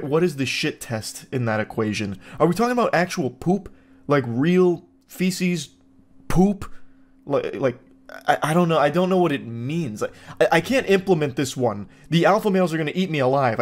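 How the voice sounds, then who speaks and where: A man giving reaction commentary in a sarcastic, incredulous tone, often jumping into exaggerated high quips. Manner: sarcastic, incredulous, mock-puzzled. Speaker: online commentator.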